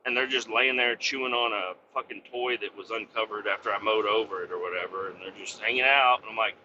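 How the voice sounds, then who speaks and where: Host, male, sharp bright voice, swears and rambles, slightly muffled lo-fi recording. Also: fairly low pitch, fairly even intonation, a little fast, slight background noise. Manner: profane, rambling, full of fillers. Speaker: podcast host. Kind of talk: casual rambling monologue.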